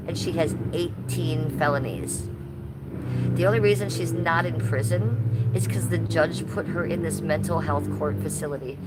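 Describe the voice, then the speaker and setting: A woman live streamer with a deep voice rants bluntly and profanely while answering her chat, in casual stream commentary. The recording is very noisy.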